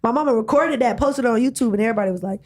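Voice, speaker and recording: A young woman telling stories in a relaxed interview, slangy and animated, often asking "you know what I'm saying". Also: a little high, rapid-fire. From United States. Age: young adult. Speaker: guest, college athlete and rapper. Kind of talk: casual interview chat.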